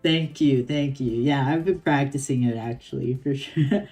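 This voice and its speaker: A woman's voice: rumbling low, unhurried, warm tone, soft background music. A woman streamer reading a game story aloud on stream, reacting with playful giggles.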